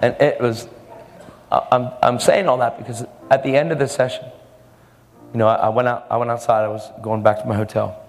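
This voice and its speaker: A man's voice: medium pitch, steady tone, brisk. Man preaching in an echoing hall. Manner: storytelling, earnest, acts out quoted voices. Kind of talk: sermon. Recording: long hall reverb with faint music.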